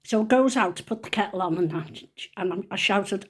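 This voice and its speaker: A woman's voice: medium pitch, brisk, slightly rough. Chatty woman in her seventies. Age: 70s. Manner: chatty, rambling, down-to-earth. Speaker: vlogger. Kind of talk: casual storytelling to camera.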